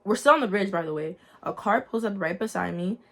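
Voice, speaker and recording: A young adult woman with a medium-pitched voice speaks briskly as she shares her personal faith testimony. Earnest and lively, she tells her story casually and directly to viewers, calling them guys.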